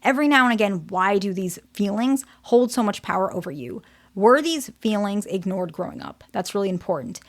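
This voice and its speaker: A woman's voice: medium pitch, lively intonation, brisk. A woman therapist giving a casual, direct teaching talk, often checking in with "okay?".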